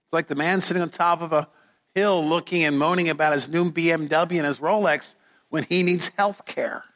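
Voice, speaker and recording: A middle-aged male pastor delivering a sermon in a fairly high, bright voice. He preaches slowly and deliberately and tells his stories dramatically. A long hall reverb trails each phrase.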